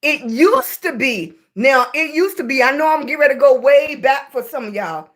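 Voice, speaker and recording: A woman's voice: high-pitched, lively intonation, normal speed, a bit bright. A woman with a Southern US accent hosting a casual live stream, chatting with viewers, greeting them by name and calling them baby. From Southern United States. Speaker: livestream host. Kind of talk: casual livestream chat with viewers.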